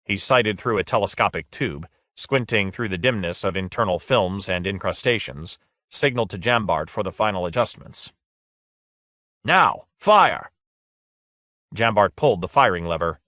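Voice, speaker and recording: Guy reading an audiobook, lowish voice, dry close sound. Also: normal speed, pushed and bright, no echo. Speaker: audiobook narrator. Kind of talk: scripted narration.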